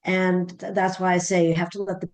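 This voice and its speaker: A woman's voice: fairly low pitch, level tone, fairly quick. A middle-aged woman, a parenting author guest, telling a story animatedly and acting out the dialogue. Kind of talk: conversational storytelling interview.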